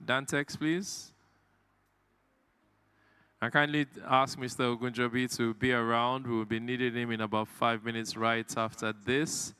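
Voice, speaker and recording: A man's voice: mid-range voice, little pitch movement, unhurried, sharp tone, clear, resonant tone, no room sound. A man, emceeing a live industry event in a playful, teasing way. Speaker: event master of ceremonies.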